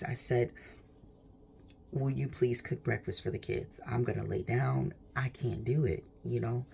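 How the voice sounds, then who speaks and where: A woman's voice: rumbling low, creaky, darkish tone, a little hiss or hum. A woman vlogger sharing a personal testimony in an earnest, rambling way, leaning on "like" and "literally". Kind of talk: emotional personal storytelling.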